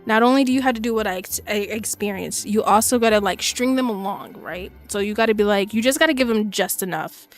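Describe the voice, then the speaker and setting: A woman's voice: medium pitch, fast, few pauses, soft background music. A woman in her twenties streaming a game and chatting in a loose, slangy, profane way, laughing often. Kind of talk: casual gaming stream chat.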